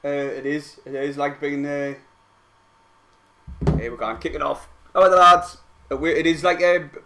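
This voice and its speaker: A young man with a fairly high voice excitably commentates a football match for his live-stream viewers, swearing freely as he goes.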